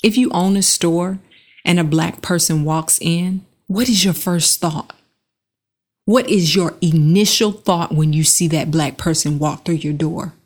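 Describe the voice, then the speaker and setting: A woman with a lowish voice speaks in an unhurried, earnest monologue. She sets her words apart with deliberate pauses and guides the listener through slow breathing. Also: fairly even intonation, a little mellow. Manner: earnest, measured, pausing between phrases.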